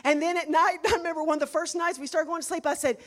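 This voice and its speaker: High-voiced woman preaching emotionally. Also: steady tone, fast talker. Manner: emotional, emphatic, swinging between hushed and loud. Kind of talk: sermon with personal testimony. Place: church.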